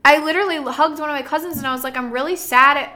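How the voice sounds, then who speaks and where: A young woman hosting a podcast in casual chat, animated, shifting between soft talk and loud bursts, laughing often. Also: high-pitched, fast talker. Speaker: podcast host.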